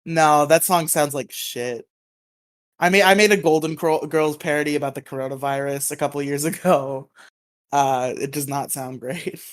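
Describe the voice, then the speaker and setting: A man with a slightly raised pitch talks loosely on a podcast, drifting through long stories and poking fun at himself. He laughs easily and trails into asides. The sound comes through a voice chat call. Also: fairly even intonation, moderate pace. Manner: rambling, self-deprecating, laughs often. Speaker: podcast co-host. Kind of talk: casual chat.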